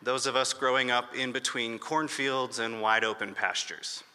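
A man's voice: mid-range voice, steady tone, moderate pace, pushed and bright, clear, resonant tone. A man in his thirties from northern Michigan giving an earnest acceptance speech with touches of humor in a hotel ballroom. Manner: earnest and emotional, with light humor. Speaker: award honoree giving a speech. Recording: long hall reverb.

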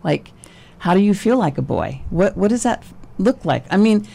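A woman's voice: mid-range voice, sing-song, normal speed, creaky, warm tone. A woman interviewing a guest, who asks probing questions and rephrases them again and again.

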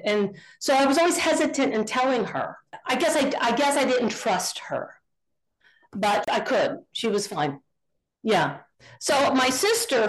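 Middle-aged woman guest, lively storyteller who acts out each voice, higher pitch. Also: rough recording. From Northern California. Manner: animated storyteller, acts out quoted dialogue. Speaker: guest, contractor. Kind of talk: casual storytelling interview.

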